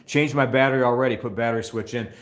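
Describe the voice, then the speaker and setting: Talking fast with fairly even intonation, an older man with a medium-pitched voice sounds like he's in an echoey room. He's a motorcycle channel host streaming casually by phone from a motorcycle shop, rambling scatteredly and reading viewer comments aloud.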